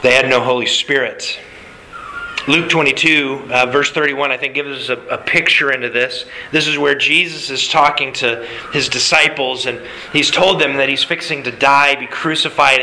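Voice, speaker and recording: Bright-voiced preacher, conversational. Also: male voice, medium pitch, measured pace, slight background noise, low-quality recording. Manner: conversational preaching with fillers and asides. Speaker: pastor. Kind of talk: sermon.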